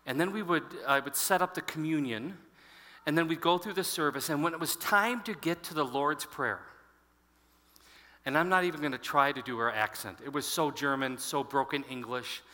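Bright-voiced pastor in a big hall. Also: male voice, on the high side, moderate pace. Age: 50s. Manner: storytelling, animated, addresses the congregation. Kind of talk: sermon. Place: large church hall. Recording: long hall reverb.

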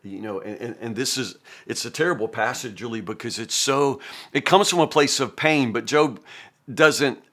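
Earnest pastor with a bright voice. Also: male voice, mid-range voice, moderate pace, husky. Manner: earnest and folksy, with frequent restarts. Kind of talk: conversational Bible teaching.

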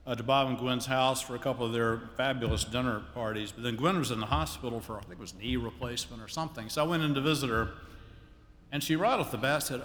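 A male pastor reading scripture and giving a funeral sermon in a measured way, his sentence endings often dropping soft. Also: mid-range voice. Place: church sanctuary. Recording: long reverb of a church hall, faint noise.

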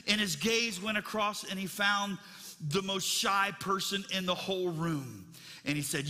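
A man's voice: sits high, normal speed, sharp tone. A male pastor preaching a sermon in an earnest, storytelling manner that turns heartfelt. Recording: long reverb, instrumental music behind.

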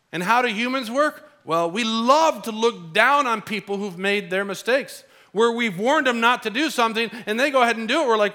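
A middle-aged man preaching a sermon as pastor, telling stories and acting out quoted voices. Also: high voice. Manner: animated storytelling, acts out quoted voices.

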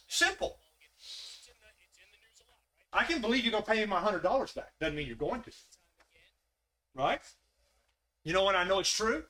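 A man's voice: high voice, big pitch swings, normal speed, pauses often, pushed and bright. A man leading a Bible study in a folksy way, asking the group questions. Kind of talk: conversational Bible study teaching.

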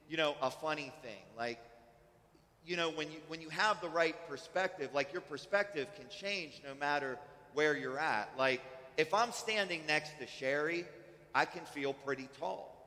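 A man's voice: fairly high pitch, measured pace, sharp tone, in a large hall. A man preaching a sermon as pastor, in a conversational way with frequent restarts. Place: church sanctuary.

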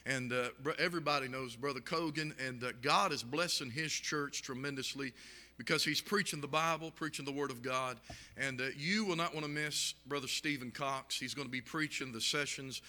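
A man's voice: medium pitch, fairly quick, sharp tone, in a large hall. A man speaking fervently at a church meeting, emphatic and full of "and, uh" fillers. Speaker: guest preacher. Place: church sanctuary.

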